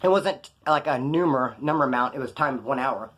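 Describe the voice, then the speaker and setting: A man telling prison stories in a rapid, slangy monologue, acting out the voices of the people in them. He is from Kern County, California. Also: medium pitch, fairly bright tone. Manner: rapid, slangy, quotes others in put-on voices. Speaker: prison storyteller vlogger. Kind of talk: fast casual storytelling monologue.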